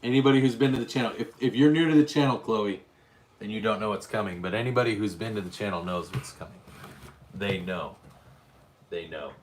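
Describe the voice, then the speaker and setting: A man's voice: fairly low pitch, a little fast, a little hiss or hum. A middle-aged man hosting a casual livestream, chatting and reading viewer names aloud. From Utah, US. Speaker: livestream host.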